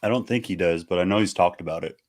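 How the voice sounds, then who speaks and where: A man's voice: deep voice, quick pace, darkish tone. A man hosting a podcast in casual chat, blunt and teasing, swearing often. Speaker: podcast host.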